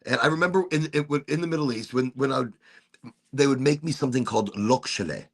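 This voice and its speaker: A man hosting a casual podcast chat, telling stories in an animated way and swearing freely. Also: mid-range voice, fast talker. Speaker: podcast host.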